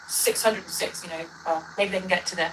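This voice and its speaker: A woman's voice: on the low side, background noise. A woman ranting in a reaction video, rambling, combative and correcting herself as she goes, played back during a livestream. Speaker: livestreamer in a dispute.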